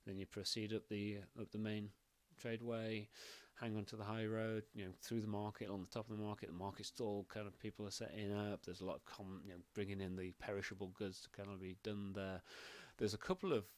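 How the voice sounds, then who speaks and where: Low-voiced man running a tabletop game. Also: flat delivery, brisk, hardly any pauses. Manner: rambling, many fillers. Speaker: game master.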